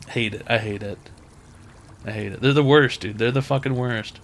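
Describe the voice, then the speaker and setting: A man hosting an advice show, ranting comedically in a profane, exasperated way with sudden loud outbursts. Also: mid-range voice, normal speed. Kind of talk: comedic rant.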